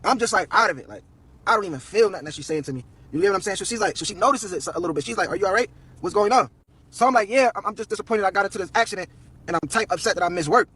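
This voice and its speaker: A young man tells a story on a live stream, fast and loose with slang and swearing. His voice sits high and a little husky. He plays every person's lines himself as he goes. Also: bright, forceful tone. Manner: slangy, profane, quoting everyone in turn.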